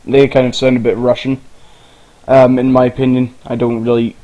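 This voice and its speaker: A man's voice: mid-range voice, monotone, moderate pace, warm tone, dull audio. A man narrating a casual game tutorial, rambling and informal, with the odd swear.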